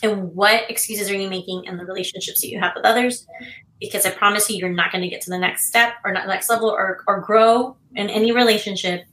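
A woman's voice: mid-range voice, fairly even intonation, fast, fairly bright tone, reverberant, poor audio. A woman co-hosting a relationship podcast, talking casually in an emphatic, coaching way. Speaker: podcast co-host.

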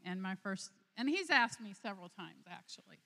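A woman in her forties speaking at a church service, telling stories at a slow, deliberate pace. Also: mid-range voice, lively intonation, pushed and bright. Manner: slow storytelling, acts out characters in a joke. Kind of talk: sermon with a told joke. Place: church sanctuary. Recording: long reverb of a large hall.

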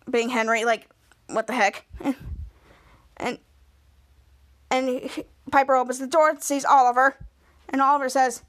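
Female podcast host, high voice, casual rambling episode recap. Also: normal speed, pauses often, a bit bright. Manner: rambling, lots of "and then" restarts.

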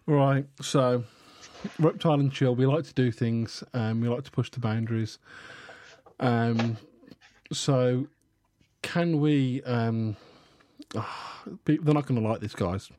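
A man's voice: mid-range voice, takes it slowly, darkish tone. A man hosting a casual reptile podcast, jokey and profane, tripping over names as he goes. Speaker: podcast host.

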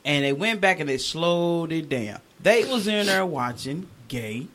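A man co-hosting a casual chat show, animated, with loud slangy outbursts and exclamations. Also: on the high side, unhurried. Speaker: podcast co-host.

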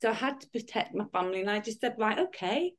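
A woman's voice: fairly high pitch, expressive, fast talker. Woman in her fifties, rambling. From United Kingdom. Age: 50s. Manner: rambling, many restarts and fillers. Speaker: guest. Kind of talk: casual interview chat.

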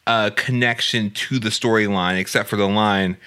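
A man co-hosting a casual movie podcast, enthusiastic and quick to laugh. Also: fairly low pitch, steady tone, bright, forceful tone, clear, resonant tone. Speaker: podcast co-host.

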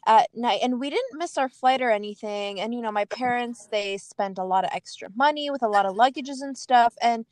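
A woman's voice: a little high, fairly quick, few pauses, darkish tone, no echo. Young woman telling a story in casual chat. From Kurdish family living in America. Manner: storytelling, many fillers.

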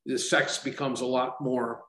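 A man in his sixties, a company founder chatting in an interview, telling stories lively and acting out the voices of people he quotes. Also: mid-range voice, measured pace, echoey room, poor audio. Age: 60s. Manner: animated storyteller, acts out quoted dialogue. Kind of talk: casual interview talk.

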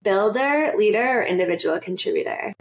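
A woman hosting a casual podcast interview, upbeat and affirming, asking quick questions. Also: mid-range voice, animated. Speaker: podcast host.

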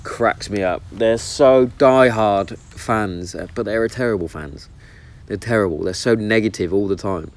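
A man with a fairly low voice speaks a little slowly on his vlog, chatting casually and bluntly about football and swearing freely as he shares his opinions. He's outdoors in the countryside, with birdsong and outdoor ambience in the background.

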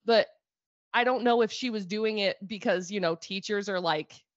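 A young woman from Utah co-hosting a casual podcast, rambling and animated and poking fun at herself. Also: medium pitch, moderate pace, no room sound, lo-fi sound. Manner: rambling, animated, self-deprecating. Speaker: podcast co-host. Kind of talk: casual chat.

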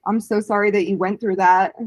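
A woman's voice: medium pitch, little pitch movement, brisk, no room sound. Sympathetic woman podcast host. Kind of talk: interview questions.

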